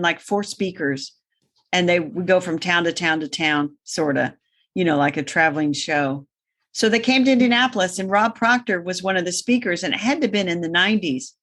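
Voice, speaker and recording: Female co-host who spins meandering anecdotes with dry humor, middle-pitched voice. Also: fairly bright tone. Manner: rambling storyteller, wry. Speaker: gardening podcast co-host. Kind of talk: casual chat.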